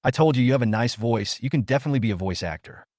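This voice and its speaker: A man's voice: mid-range voice, expressive, very fast, darkish tone, no room sound, studio quality, natural voice. A man voicing a cocky young soldier who talks in a teasing, offhand way.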